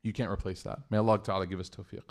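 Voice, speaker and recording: A man giving an Islamic talk to a live audience, telling stories in a conversational, animated way before taking questions. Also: on the low side, rapid-fire. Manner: conversational, animated storytelling with religious phrases. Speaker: religious speaker.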